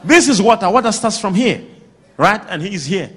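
A man preaching a sermon to a congregation, drawing replies from the crowd and breaking into shouts and laughter. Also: sits high, a little fast, slight background noise. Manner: animated, bursts into shouts and laughter. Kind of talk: sermon with call-and-response.

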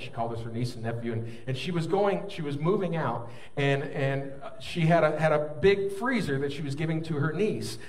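High-voiced preacher heard from a distance. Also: male voice. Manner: storytelling, builds from quiet to fervent preaching. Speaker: pastor. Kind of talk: sermon.

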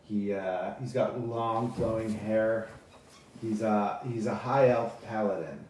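Halting dad game master in an echoey room. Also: male voice, on the low side, a little mellow, recorded from a distance, slight background noise. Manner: unhurried, halting narration. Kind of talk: running a tabletop game for his kids.

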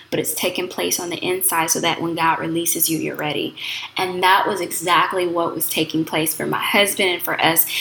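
Earnest woman with a gravelly, bright voice. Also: lowish voice, slight background noise. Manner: earnest, heartfelt, conversational. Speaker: pastor's wife and missionary. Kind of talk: personal faith testimony. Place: home kitchen, sitting on the floor. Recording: echoey room in a sparsely furnished home.

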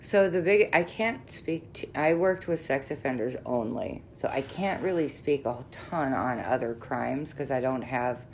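A middle-aged woman therapist with a very deep voice talks openly and bluntly, swearing casually and laughing easily. She sounds candid and unguarded in a relaxed conversational interview. A faint rumble sits under the recording. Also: a little slow, creaky, hardly any pauses. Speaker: therapist working with sex offenders.

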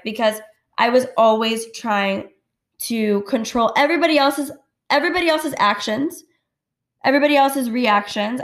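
In a slightly high, fairly bright voice, a woman chats frankly on her solo podcast, peppering her talk with swearing and frequent "like"s. She's recording at home at night, and the sound carries a roomy echo.

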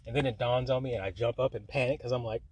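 A man telling a story in casual chat, swearing freely and laughing, his voice jumping high when he gets worked up. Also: steady tone, fast, darkish tone, slightly rough, no room sound.

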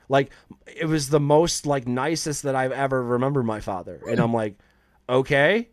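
Man, chef guest on a podcast, spins a profane story with plenty of life, clear dry sound. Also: medium pitch, normal speed, no echo. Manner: profane, animated storyteller acting out quotes. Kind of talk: casual storytelling in an interview.

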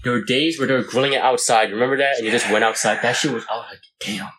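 A man's voice: medium pitch, fairly even intonation, racing, fairly bright tone, slight background noise, low-quality recording. A young man in casual chat, rambling through a story with lots of fillers and restarts.

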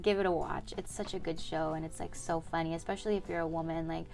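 Chatty upbeat young woman, lower voice. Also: steady tone, quick pace, vocal fry, darkish tone, faint music behind. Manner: chatty, upbeat, lots of fillers. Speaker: podcast host. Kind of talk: casual solo podcast chat.

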